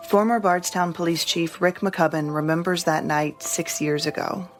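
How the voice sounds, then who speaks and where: Woman narrator, very low and flat voice, scripted reporting, faint music bed. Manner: measured, even narration.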